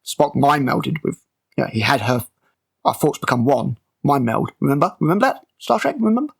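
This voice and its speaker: A man's voice: mid-range voice, big pitch swings, a little fast, gravelly, slightly rough. A man reviewing a TV episode scene by scene in an exasperated, sarcastic rant. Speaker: TV critic.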